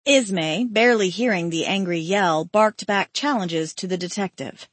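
A woman narrating a historical story aloud, shifting her voice up and louder for the quoted lines. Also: fairly low pitch, moderate pace, few pauses, no room sound.

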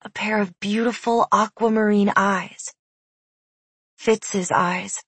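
A woman narrating an audiobook in a measured, hushed, deliberate way on a close studio mic. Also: mid-range voice, fairly even intonation, husky, no echo.

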